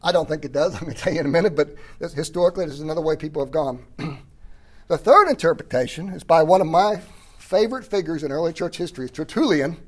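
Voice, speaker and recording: A man preaching a sermon, explaining a passage in a relaxed, conversational way and often clearing his throat. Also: a little high, quick pace. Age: 30s or older. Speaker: pastor. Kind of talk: sermon teaching.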